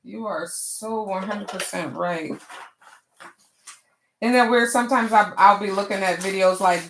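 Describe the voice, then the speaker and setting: A woman's voice: medium pitch, measured pace, long pauses, slight background noise. A woman hosting a live crafting stream, chatting casually with viewers and laughing at herself. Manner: laughs often, talks back to chat, Southern-style "y'all". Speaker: craft livestream host.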